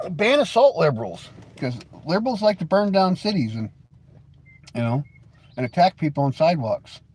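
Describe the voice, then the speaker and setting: A man's voice: a little high, darkish tone. A man hosts a casual live stream, talking straight to his chat in a slightly raised voice. He teases viewers with heavy sarcasm, breaks into laughter often, and trips over repeated words as he goes. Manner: mocking, sarcastic teasing with frequent stammered restarts.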